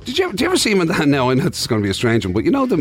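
Lively-voiced man bantering. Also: on the high side, rapid-fire, soft background music. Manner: jokey, quizzing his co-host. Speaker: radio co-host. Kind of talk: casual chat.

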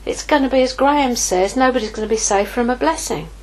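A woman preaching a sermon, lively, moving from hushed asides to exclaiming. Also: a little high, fast, rough recording. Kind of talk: sermon teaching.

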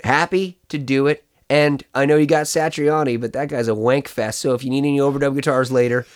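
A man voicing a relaxed, friendly rock drummer who talks casually, calling people buddy and dude. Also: mid-range voice, fairly quick, natural voice. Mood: laid-back. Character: laid-back rock drummer, friendly and upbeat.

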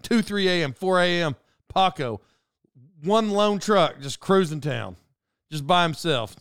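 A podcast host with a higher-pitched, smooth and clear voice talks on his own, drifting from one story to the next and working himself up. The sound is close and dry, with no room around him. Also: expressive, measured pace, fairly bright tone, dry recording. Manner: digressive and self-interrupting, ranting. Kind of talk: rambling solo monologue.

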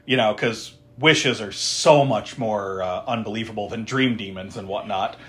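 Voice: mid-range voice, moderate pace, a bit bright. A podcast co-host recapping a film in casual chat, laughing often, swearing freely and tossing in sarcastic asides.

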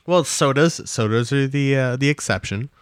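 A man's voice: mid-range voice, normal speed, clear, resonant tone, no room sound, studio quality. A young man co-hosting a podcast in casual chat, telling rambling stories with lots of swearing. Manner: rambling storyteller, swears a lot. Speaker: podcast co-host.

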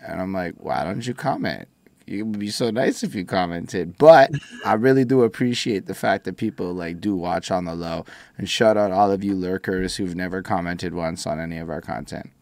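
Low gravelly-voiced male host. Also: normal speed, darkish tone, dry recording. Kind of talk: casual podcast chat.

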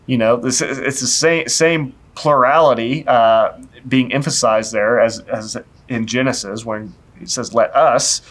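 A man's voice: medium pitch, a bit bright. Male co-host, casual Bible discussion, conversational delivery. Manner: conversational, quotes Scripture, light laughs.

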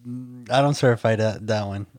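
A man's voice: fairly low pitch, normal speed, darkish tone. A young man co-hosting a podcast in casual chat, teasing his partner, asking lots of questions and mixing in some Spanish. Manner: teasing, asks many questions, mixes in Spanish. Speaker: podcast co-host.

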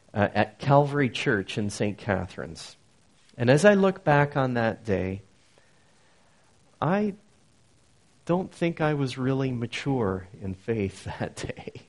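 A man's voice: mid-range voice, darkish tone. A man preaching a sermon as pastor, earnest, with emphatic rises on key phrases.

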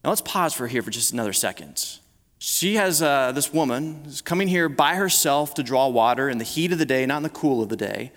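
A man's voice: medium pitch, expressive, brisk, fairly bright tone. A male pastor preaching a conversational sermon to a live congregation, often restarting his words as he talks. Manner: conversational preaching with frequent repeated starts. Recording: long reverb of a large hall.

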